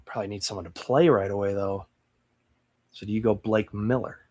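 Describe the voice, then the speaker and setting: A man's voice: fairly low pitch, steady tone, a little fast, mellow, dull audio. A young man hosting a solo mock draft breakdown, thinking aloud with hesitant restarts. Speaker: sports channel host.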